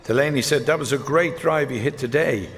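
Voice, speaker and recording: Speaking in a mid-range voice with an Irish accent, a stand-up comedian deadpans one-liner golf jokes, jumping quickly from character to character. It's a live show in an echoing hall, and the audience laughs throughout.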